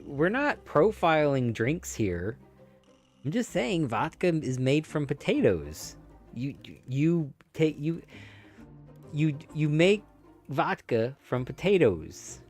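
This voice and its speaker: A man streaming a game, chatting casually and joking in a rambling way with his viewers. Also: mid-range voice. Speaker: gaming streamer. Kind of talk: casual live-stream chat.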